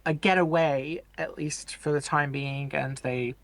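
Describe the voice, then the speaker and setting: A man co-hosting a movie podcast, calmly recapping the plot and explaining the characters in a measured way. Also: on the high side, no echo. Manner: measured, explanatory, hesitant fillers. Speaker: podcast co-host. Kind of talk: casual film discussion, plot recap.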